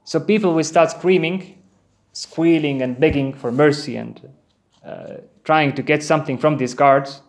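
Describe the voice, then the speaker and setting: A man's voice: on the high side, a little slow. A man giving an earnest Islamic sermon, telling vivid stories and reciting Quran verses in Arabic. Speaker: preacher.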